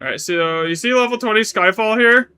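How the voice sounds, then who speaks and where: A man's voice: sits high, a little fast, bright, forceful tone, clean tone. A man streaming a game live, chatting casually in a rambling way, correcting himself as he goes and swearing now and then. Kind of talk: live gaming stream chat.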